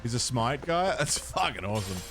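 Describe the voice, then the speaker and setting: A man's voice: mid-range voice, very animated, brisk, fairly bright tone, faint music behind. A man streaming a video game, chatting casually with viewers, laid-back and swearing freely. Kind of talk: casual let's-play chat.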